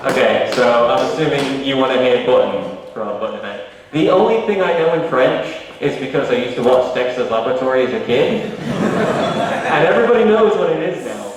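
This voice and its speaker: A man's voice: mid-range voice, lively intonation, moderate pace, noisy background. Man, casual rambling panel talk, roomy convention hall, distant mic. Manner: rambling, laughs at his own stories. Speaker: panel guest. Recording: echoey hall heard from afar.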